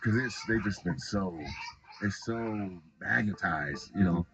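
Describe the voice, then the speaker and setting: A man's voice: fairly low pitch, unhurried, dull audio, over music. A young adult man from the Pacific Northwest, a stand-up comedian telling stories in a casual interview, acting out voices and laughing a lot. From Tacoma, Washington. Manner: animated storyteller who acts out voices and laughs a lot.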